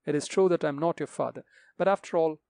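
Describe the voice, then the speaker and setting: A man voicing a stern older gentleman who speaks solemnly and with authority. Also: on the high side, fast talker, creaky, no echo, studio quality. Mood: commanding. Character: stern older man, a returned father figure.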